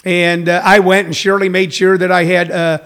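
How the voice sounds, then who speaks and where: Host, male, high-pitched, loose rambling chat with viewers, lots of um and uh. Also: level tone, normal speed, fairly bright tone, smooth. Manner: rambling, chatty, frequent restarts and fillers. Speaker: livestream show host. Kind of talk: casual chat to live viewers. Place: home in a hot desert region.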